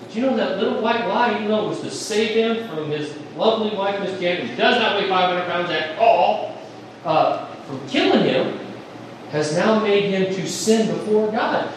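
A man's voice: sits high, animated, normal speed, slight background noise. A man preaching a sermon as pastor, folksy and emphatic, joking with the congregation. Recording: echoey room, mic at a distance.

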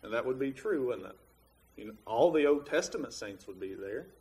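A man's voice: mid-range voice, lively intonation, a little fast, darkish tone. A man preaching a Bible lesson, reasoning through a verse step by step with frequent "uh"s and restarts. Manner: plain, reasoning step by step with many fillers. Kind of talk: Bible teaching sermon.

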